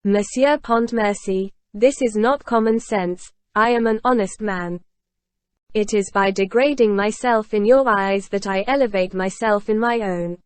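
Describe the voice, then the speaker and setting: A woman's voice: medium pitch, a little slow, a little mellow, no echo, lightly acted. A woman reading the part of a remorseful aging former convict, in a solemn, anguished confessional manner.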